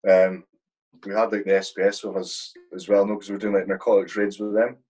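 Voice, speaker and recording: Husky-voiced man telling war stories. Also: sits low, little pitch movement, fairly quick, a little mellow, poor audio. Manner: blunt, swears freely, vivid war anecdotes. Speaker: guest, army platoon sergeant. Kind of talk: casual storytelling.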